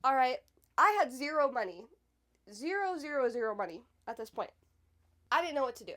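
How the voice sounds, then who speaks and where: A young woman with a high, light voice tells a personal story in a loose, chatty vlog way. She drops "like" constantly and punches certain words with sudden loud emphasis. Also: sing-song, a little fast. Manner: chatty, fills speech with "like", emphatic swings in loudness. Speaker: podcast host.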